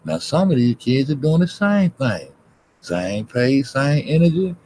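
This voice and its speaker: A man's voice: mid-range voice, sing-song, measured pace, a little mellow, a little hiss or hum, low-quality recording. A man livestreaming, ranting at his chat in a confrontational, heavily cursing, repetitive way. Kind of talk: profane rant at chat.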